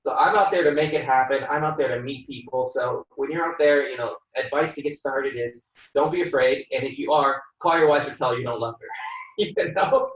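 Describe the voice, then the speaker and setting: A home inspector being interviewed tells his stories with energy, slipping into the voices of the people he quotes and laughing along the way. His voice is of ordinary pitch for a man. It reaches the listener from a mic set well back, in a room that echoes. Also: a little fast. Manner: lively storyteller who acts out quoted dialogue and laughs often. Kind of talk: podcast interview storytelling. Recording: roomy sound from a distant mic.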